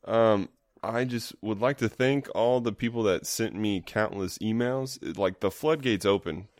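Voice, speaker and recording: A man co-hosting a casual comedy podcast, playing along with jokes in a deadpan way. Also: fairly low pitch, a little slow, dry recording, studio quality. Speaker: podcast co-host.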